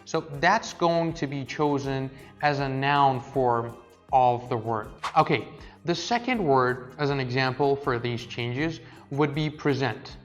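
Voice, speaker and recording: A man's voice: mid-range voice, unhurried, lo-fi sound, faint music behind. A young man teaching English pronunciation in a scripted online lesson, explaining carefully, stressing syllables and often checking in with "right?".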